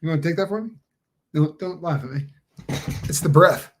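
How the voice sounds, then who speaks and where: A man's voice: fairly high pitch, moderate pace. A man with a Southern US accent co-hosting a casual livestream, with dry, teasing banter. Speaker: livestream co-host.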